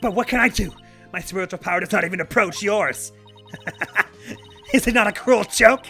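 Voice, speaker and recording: A man's voice: high voice, normal speed, sharp tone, faint music behind, pitched above the performer's own voice. A man voicing a proud, prickly young royal priestess in a game let's play, speaking formally and imperiously. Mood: haughty.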